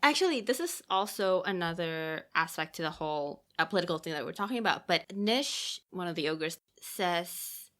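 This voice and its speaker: A young woman co-hosting a podcast, chatting casually about a film, animated and laughing often as she acts out lines. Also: fairly low pitch, moderate pace, hardly any pauses. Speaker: podcast co-host.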